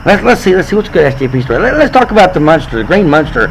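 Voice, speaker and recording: A man's voice: a little high, big pitch swings, gravelly, slight background noise, low-quality recording. A man telling crude stories in rowdy casual chat as a podcast co-host. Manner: crude, rowdy, quick storytelling.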